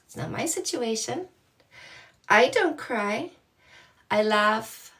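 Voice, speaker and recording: Chatty high-voiced woman dating coach. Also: lively intonation, takes it slowly, fairly bright tone, recorded from a distance. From Canada. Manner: greets viewers by name, playful and chatty. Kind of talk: livestream chat with viewers.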